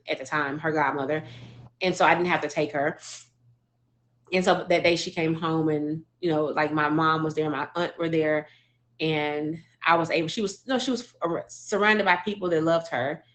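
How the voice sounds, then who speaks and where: Woman, lowish voice, personal grief story, halting delivery with restarts. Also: fairly bright tone. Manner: halting, emotional, many restarts and fillers. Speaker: widow telling her story.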